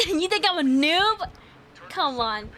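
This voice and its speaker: Excitable high-voiced woman gaming streamer. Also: slow, slight background noise. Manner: excitable, yelps and laughs while playing. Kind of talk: live gameplay commentary.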